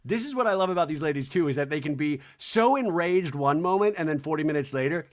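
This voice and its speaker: Animated man recapping TV with jokes. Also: on the high side, fast talker, few pauses. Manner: animated, jokey, full of impressions and "like". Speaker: podcast host. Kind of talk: comedic TV recap monologue.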